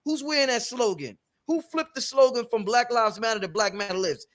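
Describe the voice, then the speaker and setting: The workshop host's voice is very high-pitched and animated, a bit bright and a little fast. At this spiritual workshop he's blunt and emphatic, with lots of swearing and repetition.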